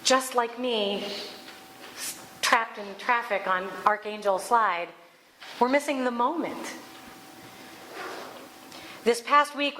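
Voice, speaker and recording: A woman host giving a spiritual reflection talk, telling stories in an animated way with laughter. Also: medium pitch. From Alaska. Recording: echoey room, faint background noise.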